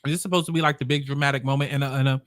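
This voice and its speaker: A man's voice: mid-range voice, steady tone, racing, dry recording, clean studio sound. A man hosting a reaction commentary, sassy and blunt, talking while he eats. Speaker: commentary host.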